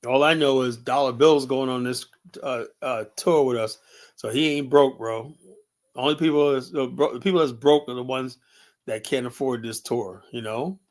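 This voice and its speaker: With a mid-range voice and a moderate pace, this livestream host from the United States rambles on casually, swearing and peppering his talk with fillers like "you know" and "man."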